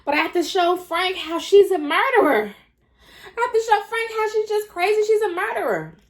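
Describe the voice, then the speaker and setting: A woman's voice: sits high, a little fast, voice pushed up, close to an everyday voice. A woman voicing a panicked, disgusted young woman who talks frantically and rises to shrieks. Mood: frantic.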